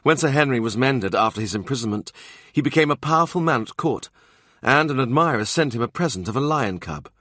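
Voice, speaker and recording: A man's voice: medium pitch, lively intonation, fairly quick, fairly bright tone, no echo, studio quality. A man narrating a historical novel audiobook in a vivid, dramatic reading. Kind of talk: scripted narration.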